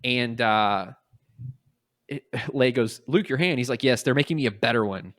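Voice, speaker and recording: Speaking at medium pitch in a studio recording free of room sound, a man hosts a podcast and breezily recounts a comic tale. He brings it to life by voicing the characters' lines in brief, quick impressions.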